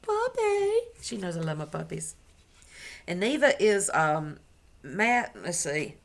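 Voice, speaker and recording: A woman with a fairly low voice talks to the camera in a casual, gushing way. She chats from home as a crochet vlogger and often stops mid-sentence to correct herself. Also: animated, slow pace, vocal fry. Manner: chatty and gushing, with laughs and self-corrections. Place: at home indoors.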